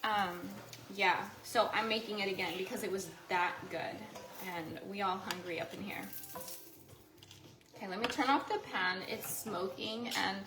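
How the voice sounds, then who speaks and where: A woman hosting a casual cooking livestream from her home kitchen, chatting and greeting viewers with sudden excited squeals. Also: medium pitch, moderate pace, echoey room, rough recording.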